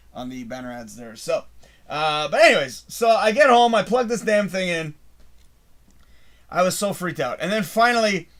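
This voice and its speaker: A middle-aged man from Canada hosting a live show, telling a long rambling story in a casual, animated way and swearing freely. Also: on the high side.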